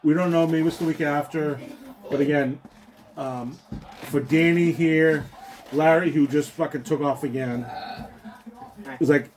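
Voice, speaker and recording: A man's voice: on the high side, fairly even intonation, unhurried, long pauses, darkish tone, rough recording. A man around forty hosting a casual podcast, rambling and swearing a lot, a bit tipsy, calling his listeners folks. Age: late 30s to early 40s. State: tipsy from drinking. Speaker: podcast host. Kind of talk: casual sports chat.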